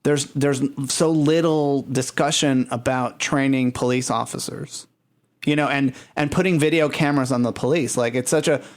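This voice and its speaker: A man from Puerto Rico, talking in a casual discussion as an animated storyteller who often restarts his sentences. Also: mid-range voice, moderate pace.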